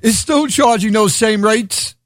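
A man's voice: high-pitched, measured pace, no room sound, studio quality. A man with a Brooklyn accent hosting a radio show, rambling sardonically and laughing at his own jokes. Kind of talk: irreverent comedic radio monologue.

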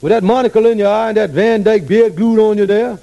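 An actor playing a scheming male con man in a radio sitcom, talking fast with fractured grammar and mixed-up big words. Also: high-pitched, warm tone, dull audio. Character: scheming smooth-talking male lodge brother. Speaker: con man steering his friend. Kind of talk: 1950s radio sitcom acting.

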